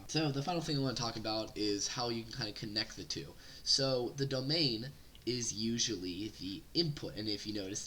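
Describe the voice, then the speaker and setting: A man with a sick, stuffy voice walks through an algebra lesson step by step. His voice sits fairly low, yet the tone has a bright, sharp edge. His delivery is relaxed and casual, like a tutor talking to viewers. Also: a little hiss or hum. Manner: relaxed, explains step by step with fillers.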